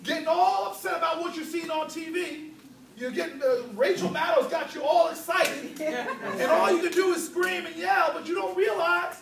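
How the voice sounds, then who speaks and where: A high-voiced male political speaker gives a rousing speech indoors in a church hall, steady in tone, creaky, and at normal speed. His manner is preacherly and playful, with humorous storytelling and call and response from the crowd, captured on a distant mic in the echoey hall.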